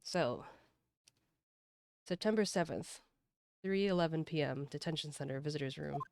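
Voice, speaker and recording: A woman's voice: low-pitched, normal speed, vocal fry, darkish tone. A woman streamer chatting casually as she plays, rambling through explanations of the game. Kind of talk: casual gameplay commentary.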